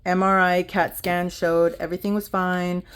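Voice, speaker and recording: In a clean, level voice on the low side, a woman in her thirties speaks at a moderate pace. She's a budgeting vlogger chatting casually and ramblingly straight to her viewers while counting bills aloud and stuffing them into envelopes.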